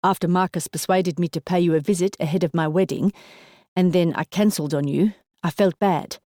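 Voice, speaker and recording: A serious South African man speaks in a measured, sombre way, voiced by a woman narrator. His tone stays low and mellow, with a dry, close sound. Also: fairly even intonation, no room sound, natural voice. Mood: earnest.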